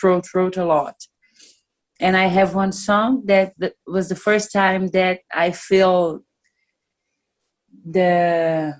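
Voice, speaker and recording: Slow, halting woman. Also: fairly low pitch. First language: Portuguese. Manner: searching for English words, halting and frank. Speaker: musician interviewee. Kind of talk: casual interview.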